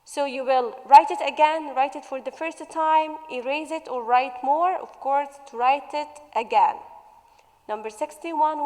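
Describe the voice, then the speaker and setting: A woman English teacher going through a revision worksheet, stretching out example words slowly as she explains. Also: high-pitched, darkish tone, long reverb tail, poor audio.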